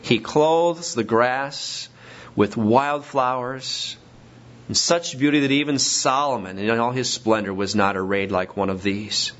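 A man's voice: mid-range voice, unhurried, fairly bright tone. A man preaching a sermon as pastor, emphatic and rising to stress his points. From Washington state. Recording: dull lo-fi recording.

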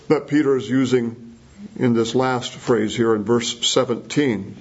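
A man's voice: medium pitch, fairly even intonation, unhurried. A man preaching an expository sermon, emphatic and conversational, often checking in with the congregation. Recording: husky voice, dull lo-fi sound.

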